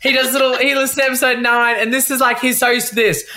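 A man's voice: extremely high pitch, flat delivery, fast talker, bright, forceful tone. A young gay man co-hosting a podcast, telling rambling, self-mocking stories in casual comic chat. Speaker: podcast co-host.

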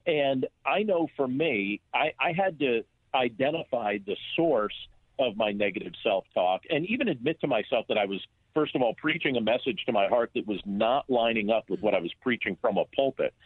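A man's voice: medium pitch, expressive, moderate pace, breathy edge, dry recording. A man talking as an author guest in an earnest, reflective way, with small restarts. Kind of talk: phone interview. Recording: tinny phone line.

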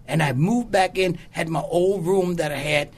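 Speaking at a moderate pace, this guest has a slightly rough, somewhat high voice. He's an older bishop from Oakland, California, recounting his life story with emphasis in a candid conversation and voicing the quotes in the rhythm of a preacher.

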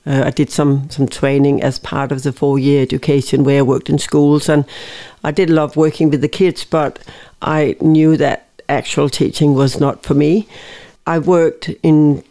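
A woman's voice: sits low, flat delivery, normal speed, hardly any pauses, mellow. A woman in her fifties from Denmark with a Danish accent, a guest in a podcast interview who speaks thoughtfully, often restarting her phrases. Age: 50s. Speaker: guest, winery owner.

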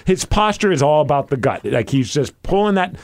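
A man's voice: on the high side, brisk, dry recording. A man hosting a podcast, telling a long anecdote in casual chat, full of filler words and restarts. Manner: animated storyteller, lots of filler words. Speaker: podcast host.

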